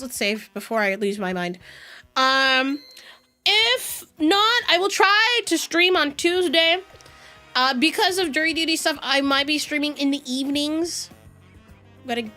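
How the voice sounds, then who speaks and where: A young woman streamer in casual live-stream chat, excitable, swearing freely and laughing often. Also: high voice.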